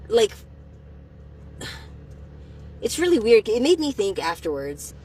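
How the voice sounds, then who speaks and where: A woman's voice: a little high, sing-song, warm tone, husky, low-quality recording. Candid woman retelling a run-in. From United States. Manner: candid, profane storytelling, measured pace that gets heated. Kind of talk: personal story vlog.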